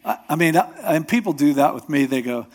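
Chatty pastor preaching a sermon. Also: male voice, a little high, fast talker, a little mellow. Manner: storytelling, acting out quotes in voices; loose, with restarts and asides. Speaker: pastor with a radio show. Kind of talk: conversational sermon.

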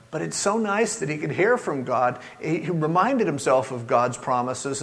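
An earnest male pastor preaches in a conversational way, acting out prayers as he goes. His slightly high voice swings widely in pitch. The sound carries the long reverb of a big hall. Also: gravelly, a bit bright. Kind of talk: sermon.

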